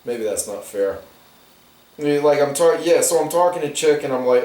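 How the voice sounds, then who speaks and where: A man's voice: a little high, animated, moderate pace, a little mellow. A man talking while he colors comic pages, ranting in a rambling way with many restarts and asides. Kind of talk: rambling casual monologue. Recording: roomy echo, distant from the mic.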